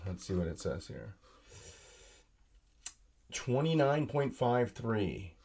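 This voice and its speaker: Hosting a solo live stream as a podcast host at his home desk, laptop and monitor in front of him, a man speaks slowly in a medium-pitched, slightly mellow voice with a breathy edge and big pitch swings. Tired and sore-voiced from yelling at work, he rambles, leans on fillers, and mutters to himself while using the computer.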